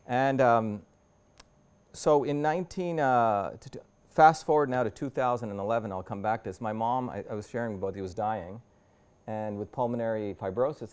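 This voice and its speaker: A man in his fifties speaks as a guest lecturer in a university lecture room. His voice sits at an ordinary middle pitch. He talks the audience through his slides in a loose, conversational way and often restarts his sentences.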